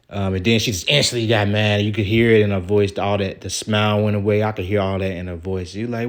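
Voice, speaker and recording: Deep-voiced man venting in a rambling vlog. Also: fairly even intonation, fairly quick, slight background noise. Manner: rambling and aggrieved, with casual profanity. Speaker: vlogger. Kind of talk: venting vlog monologue reading out texts.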